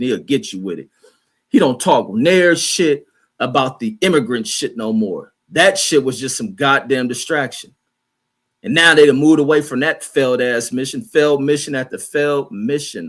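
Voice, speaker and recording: A heated livestream rant comes from a male host who reads and answers chat comments with profanity, combativeness and mockery. He speaks in a mid-range, fairly bright voice.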